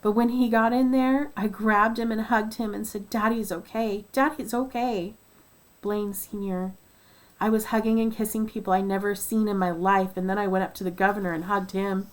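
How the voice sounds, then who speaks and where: A woman reading a nonfiction book aloud at first sight, voicing first-person accounts and lifting her voice for quoted shouts. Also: mid-range voice, little pitch movement, brisk, low-quality recording. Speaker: audiobook reader.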